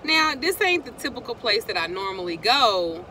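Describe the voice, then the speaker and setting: A woman's voice: on the high side, sing-song, normal speed, pushed and bright, slight background noise. A middle-aged woman, telling a rambling story to her viewers and greeting them between sentences. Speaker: vlogger.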